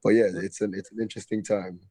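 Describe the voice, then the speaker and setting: A young man from Ghana with a hoarse, raspy voice, speaking as a guest in a casual conversation over a video call. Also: on the low side, level tone, fast talker, warm tone, no room sound, rough recording. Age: young adult. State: hoarse, has lost his voice. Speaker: guest actor.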